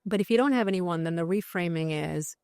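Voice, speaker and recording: Low-voiced woman talking freely in an interview. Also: brisk, clean tone, dry recording, clean studio sound. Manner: animated, with many restarts and fillers. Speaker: psychiatrist guest. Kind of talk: conversational interview.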